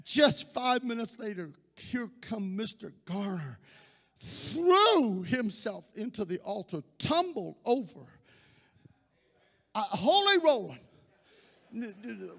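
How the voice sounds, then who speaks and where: A man, a pastor giving an impassioned sermon that swells into shouting. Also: very high voice, creaky, in a large hall.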